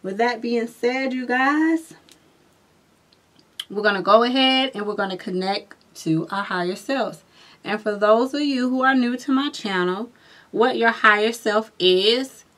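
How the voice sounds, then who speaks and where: A woman giving a spiritual tarot reading, who talks viewers through guided breathing and reads cards with lively, chatty asides. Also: a little high. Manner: slow, soothing guided breathing, then excited and laughing at the cards. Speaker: tarot reader.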